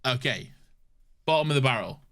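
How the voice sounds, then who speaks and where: A man's voice: medium pitch, animated, moderate pace, bright, forceful tone. A man co-hosting a podcast, trading dry, sweary banter and jokes at his own expense while reading listener emails aloud. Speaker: podcast co-host. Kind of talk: casual chat.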